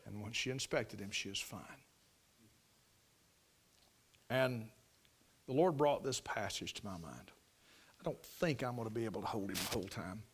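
A man preaching a sermon in a folksy storytelling way, swinging from loud emphasis to hushed near-whispers. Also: fairly low pitch, creaky, husky.

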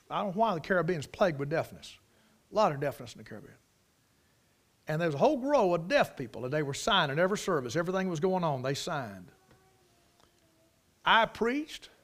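A middle-aged man preaching a sermon in a folksy manner, swelling into emphatic bursts. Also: high voice. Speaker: preacher, Bible college teacher.

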